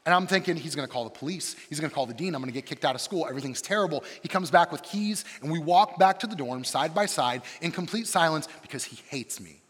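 This man in his thirties, a campus pastor with a voice pitched slightly above the usual male range, speaks quickly and husky-voiced with few pauses. He's an animated, self-deprecating storyteller whose energy keeps shifting through a comic sermon. Long reverb makes it sound like a large hall.

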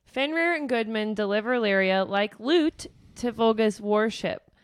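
Animated woman podcast co-host, dry mic. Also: a little high, a little slow, clean tone, dry recording. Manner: animated, swears freely, acts out character lines. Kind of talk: casual book recap chat.

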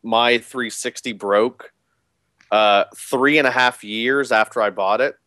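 A man co-hosting a casual gaming podcast, telling stories in loose, restarting sentences. His voice is mid-pitched and sits close and dry in the recording. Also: fairly even intonation, slow pace, sharp tone, no echo. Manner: rambling storyteller, restarts a lot. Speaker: podcast co-host. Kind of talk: casual chat. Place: home with a game playing in the background.

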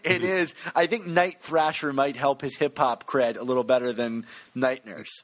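A man's voice: medium pitch, steady tone, normal speed, a bit bright. A man co-hosting a casual podcast, reading listener reviews and joking with his co-host. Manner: playful, reads listener reviews aloud.

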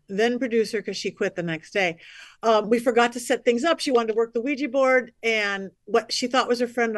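A woman, a psychic medium guest on a podcast, telling stories in a lively, chatty way and acting out the voices of the people in them. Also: on the high side, dry recording, studio quality. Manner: lively, acts out quoted voices, chatty asides. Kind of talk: animated storytelling on a podcast.

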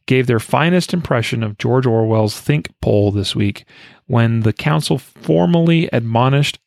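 Gravelly-voiced American man hosting a podcast. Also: mid-range voice, no echo, clean studio sound. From United States. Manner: reads quotes aloud with frequent fillers and restarts. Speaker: podcast host. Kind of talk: podcast news commentary.

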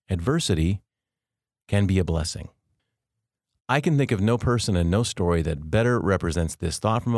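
A middle-aged man hosting a devotional podcast, telling personal faith stories in an earnest, good-humored way with slow, emphatic phrasing. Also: low voice, a little mellow, dry recording, clean studio sound. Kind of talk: faith-based storytelling podcast.

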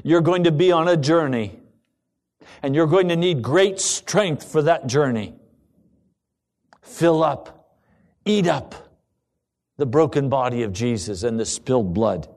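A man preaching a sermon with dramatic delivery, swinging between ringing emphasis and a hushed near-whisper. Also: on the high side, a little slow, pauses often.

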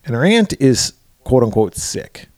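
A man's voice: fairly low pitch, moderate pace, a little mellow, no room sound, clean studio sound. A man co-hosting a podcast, casually retelling a film's plot with lots of fillers and swearing. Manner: loose, profane, recaps plot with filler words. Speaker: podcast co-host. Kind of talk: casual movie-recap chat.

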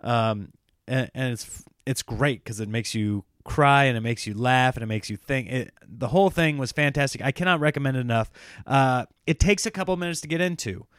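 A man's voice: mid-range voice, normal speed, a bit bright, no echo, clean studio sound. A man hosting a solo podcast in a casual, rambling, self-mocking way, often laughing at himself. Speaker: podcast host.

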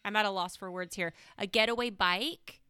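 A woman's voice: medium pitch, steady tone, normal speed, pushed and bright, clear, resonant tone, no echo. A woman co-hosting a podcast, chatting casually with wry, joking asides. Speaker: podcast co-host. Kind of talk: casual chat.

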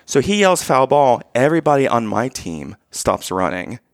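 A man telling a story in casual chat, animated, and often checking in with "okay?" and "right?". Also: mid-range voice, normal speed, dry recording, clean studio sound. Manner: acts out quoted lines in raised voice.

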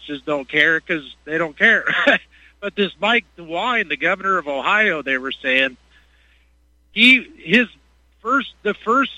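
Very bright-voiced male caller. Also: on the high side, no room sound, lo-fi sound. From Washington State, US. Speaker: phone-in caller.

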